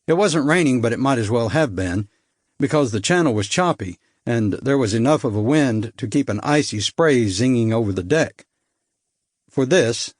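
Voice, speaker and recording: A man's voice: medium pitch, darkish tone, no echo. Dry-voiced male audiobook narrator. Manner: dry, measured storytelling. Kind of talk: first-person thriller narration.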